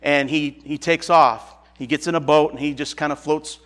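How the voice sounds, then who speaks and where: A man's voice: on the high side, steady tone, moderate pace, a bit bright. A man preaching to a congregation, reading scripture aloud and then speaking in an earnest, emphatic and conversational way. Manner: earnest and emphatic, repeats phrases eagerly; casual, conversational asides. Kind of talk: sermon to a congregation.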